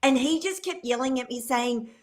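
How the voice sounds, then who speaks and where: Animated woman in her fifties. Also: high voice, normal speed. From Australia. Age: 50s. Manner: animated storyteller acting out quotes, laughing. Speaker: guest. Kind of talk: casual radio chat, telling a story.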